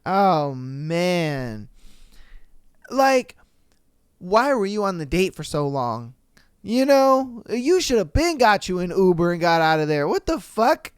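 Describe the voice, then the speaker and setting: A man hosting a casual podcast, reading listener stories aloud and reacting with animated swearing and mock voices. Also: high voice, measured pace, clear, resonant tone, no room sound, clean studio sound. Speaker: podcast host.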